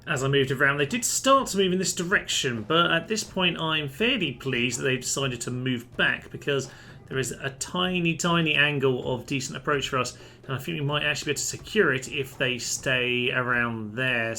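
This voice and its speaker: A man's voice: medium pitch, pushed and bright, slight background noise. A man giving chatty, wry commentary as host of a strategy game playthrough. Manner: chatty, wry, dry humour. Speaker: let's play host.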